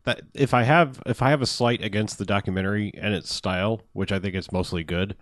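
Low-voiced man, dry close sound. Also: a little fast, dry recording. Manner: laid-back, swears casually. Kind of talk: casual chat.

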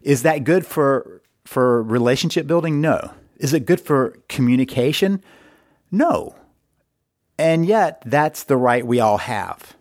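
An earnest middle-aged man talks through relationship advice at a measured, explanatory pace. His voice sits at an ordinary middle pitch. The sound is close and dry. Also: lively intonation, a little mellow, dry recording. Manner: earnest, explanatory, repeats words for emphasis. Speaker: podcast host and marriage coach. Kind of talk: advice podcast monologue.

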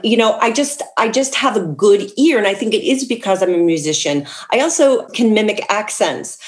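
A woman's voice: mid-range voice, lively intonation. Chatty woman author laughing through stories. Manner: chatty, laughs often, quick asides. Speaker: author guest. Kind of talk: casual interview chat.

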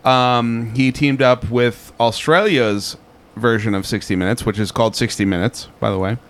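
A man's voice: medium pitch, fairly even intonation, normal speed. A man telling a story in casual podcast chat, rambling and full of fillers like "like" and "um". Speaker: podcast co-host.

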